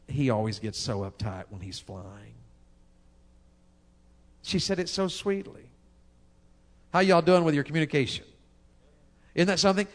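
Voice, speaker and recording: A man preaching a sermon, driving his points home with rhetorical questions. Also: on the high side. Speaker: pastor.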